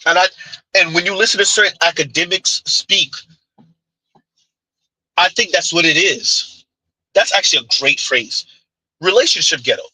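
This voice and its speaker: A man with a fairly high, piercingly bright voice hosts a live-stream commentary. He needles his audience with blunt rhetorical questions and mocking "huh?" asides. His tone is husky and sits close and dry. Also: normal speed, pauses often, no echo, poor audio. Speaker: commentary channel host.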